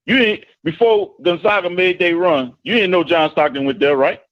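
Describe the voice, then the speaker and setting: On a call-in line with the highs cut off, a man with a high-sitting voice speaks at normal speed. He's a football coach who teases the host casually, then explains his argument in detail.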